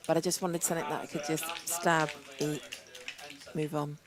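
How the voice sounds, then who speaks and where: A British woman with a lowish voice gives live poker commentary from a casino booth. She is chatty and laughs easily. A steady crowd murmur sits behind her headset mic. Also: normal speed.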